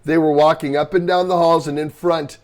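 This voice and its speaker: A man hosting a casual chat, his voice gravelly with heavy fry and set a bit high for a man. He talks bluntly and swears as he recalls life on the road. He keeps jumping in to add his own bits while the other man talks. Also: level tone, fairly quick. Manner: blunt, profane, jumps in with interjections. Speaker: podcast host and band member.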